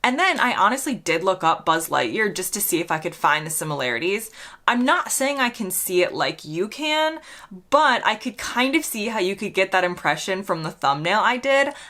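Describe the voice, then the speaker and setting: An American woman with a croaky voice, reading out comments and answering them with dry, mock-sincere sarcasm. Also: medium pitch, big pitch swings, moderate pace, sharp tone. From United States. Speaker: vlogger.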